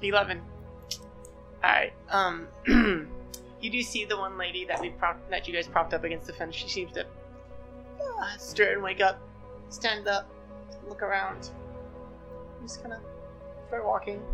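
A woman's voice: medium pitch, measured pace, long pauses, music in the background, rough recording. A woman narrating as game master in a tabletop game, casual and rambling with many fillers.

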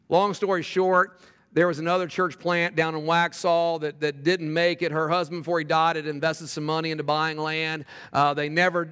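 High-voiced, animated male preacher. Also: clean tone, big-room sound. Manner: animated storytelling, repeats words, quiet fervent prayer passages. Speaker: pastor planting a church. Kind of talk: sermon with storytelling.

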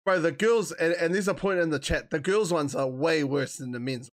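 A man's voice: on the high side, moderate pace. A man hosting a podcast, chatting casually and joking with slang. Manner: joking, slangy, laughs often. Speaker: podcast host. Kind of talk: casual chat.

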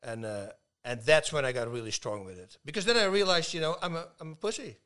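A man in his fifties, a guest telling stories in casual talk, lively and laughing, acting out the people he quotes. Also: on the high side, fast, clean tone. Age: 50s. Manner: animated, laughs a lot, acts out dialogue. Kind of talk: casual storytelling.

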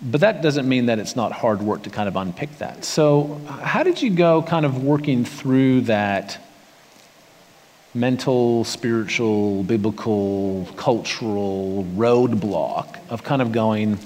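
A man's voice: medium pitch, slow pace. Man pastor interviewing, hall echo. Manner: relaxed and wry, with hesitant fillers. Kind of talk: conversational interview.

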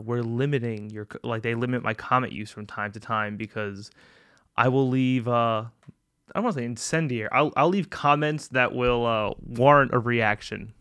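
A man's voice: medium pitch, clean tone, dry recording, studio quality. A young man hosting a podcast, ranting in a casual comedic monologue with lots of swearing and mocking put-on voices. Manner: profane, animated rants with mocking put-on voices. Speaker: podcast host.

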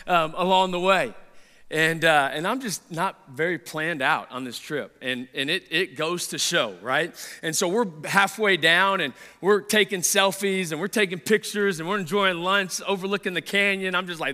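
A man preaches a sermon, animatedly telling a story and tripping over repeated words at a moderate pace. His high, bright voice rings with the long reverb of a large hall.

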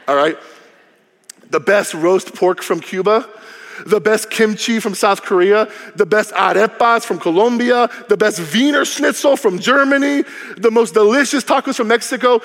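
A male pastor delivers a sermon in a high, bright voice, bouncing from playful jokes to low, hushed emphasis. The sound carries the long reverb of a large church hall. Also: normal speed. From Cuban heritage. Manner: lively, humorous, varies volume widely, drops low for emphasis.

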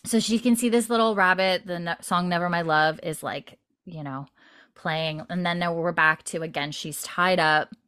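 Chatty woman with a lowish voice. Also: moderate pace, fairly bright tone, clear, resonant tone. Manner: rambling, filler-heavy retelling with quoted lines. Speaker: podcast co-host recapping a TV episode. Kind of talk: casual chat.

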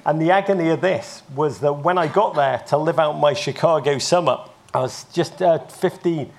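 An English man in his fifties, a broadcaster telling lively, self-mocking stories as a guest in a live interview. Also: a little high, moderate pace, vocal fry. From England. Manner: animated, self-mocking anecdotes with frequent restarts. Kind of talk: live on-stage interview storytelling.

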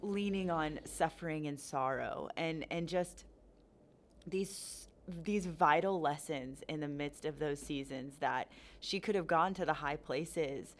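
A woman's voice: low-pitched, unhurried. A woman in a casual faith conversation, talking earnestly and reflectively with frequent restarts.

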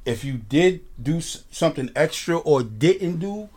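A man hosting a casual talk show, telling a story in an animated way, swearing freely and often asking "you know what I mean". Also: on the high side, measured pace. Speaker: podcast host.

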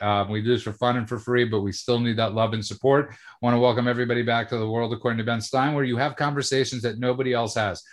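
A man co-hosts a casual podcast. He talks with halting, stammering restarts. In between he runs through friendly promo reads for the show. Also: medium pitch. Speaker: podcast co-host.

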